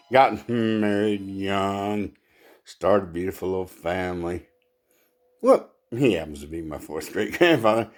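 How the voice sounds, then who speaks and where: A man doing stand-up comedy, halting, with fillers, laughing at his own jokes. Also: low-pitched, animated, soft background music.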